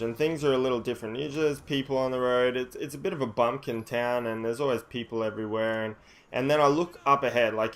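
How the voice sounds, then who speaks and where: Man, casual storyteller, animated, crude language, stumbling restarts. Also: mid-range voice. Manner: animated, swears freely, rambling restarts. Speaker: vlogger telling a story.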